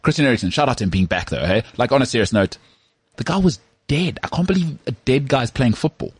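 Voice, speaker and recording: A man co-hosting a casual sports podcast, animated and jokey, often slipping into mock voices. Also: mid-range voice, fast, slightly rough, dry recording. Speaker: podcast co-host.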